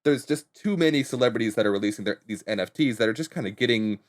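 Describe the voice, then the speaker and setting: A man's voice: mid-range voice, fast. A man in casual chat on a talk show, explaining internet trends in an upbeat way and laughing often. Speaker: guest internet trends reporter.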